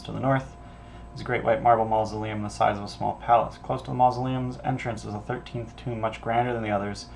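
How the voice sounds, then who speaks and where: Gravelly low-voiced man prepping a game. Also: a little hiss or hum. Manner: thinking aloud, offhand, sprinkled with casual swearing. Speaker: game master. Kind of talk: casual solo prep stream, reading module text aloud.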